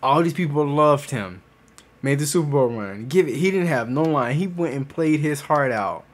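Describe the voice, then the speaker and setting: Earnest, slightly high-voiced male co-host. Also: lively intonation. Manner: earnest and plain-spoken, with quick joking asides. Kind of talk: casual podcast chat.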